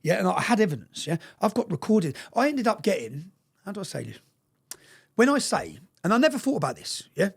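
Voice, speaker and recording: Fast, insistent man. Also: high voice, sing-song, gravelly, breathy edge. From England. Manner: insistent, ends phrases with "yeah?" tags. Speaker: guest. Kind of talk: impassioned storytelling in conversation.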